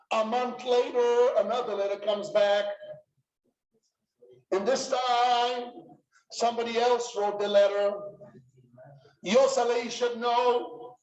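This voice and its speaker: A man, a yeshiva head, retelling a story in an animated, dramatic lecture, in an echoey room. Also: extremely high pitch. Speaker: rosh yeshiva. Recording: echoey room, dull sound.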